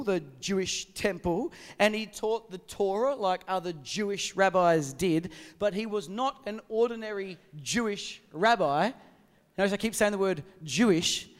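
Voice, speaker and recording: A man from Australia with an Australian accent, preaching a sermon as pastor and putting emphatic rhetorical questions to his congregation in a church hall. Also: high voice. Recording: long reverb of a large hall.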